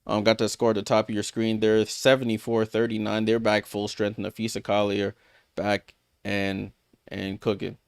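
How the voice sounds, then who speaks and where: His fairly low voice is creaky yet clean in tone, delivered completely flat at a moderate pace. As host of a live sports watchalong, he recaps the scores loosely, with many fillers and restarts, responding to viewers by name. Studio-quality audio, no echo.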